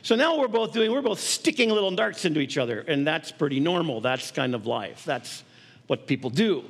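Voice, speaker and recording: A man's voice: fairly high pitch, big pitch swings, moderate pace, breathy edge. A man preaching a sermon in a conversational way, acting out little scenes and laughing along the way. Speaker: pastor.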